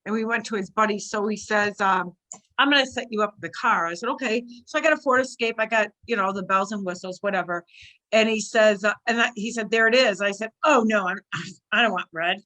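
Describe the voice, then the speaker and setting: A woman on a casual talk show, telling a story of her own and acting out what she said at the time. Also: fairly quick. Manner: animated, acts out her own past lines in a shrill cry.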